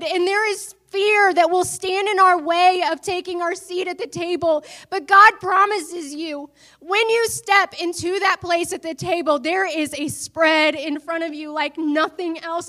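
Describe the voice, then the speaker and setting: A woman's voice: very high-pitched, fairly even intonation, measured pace, pushed and bright. A woman preacher giving an earnest sermon that builds to emphatic declarations.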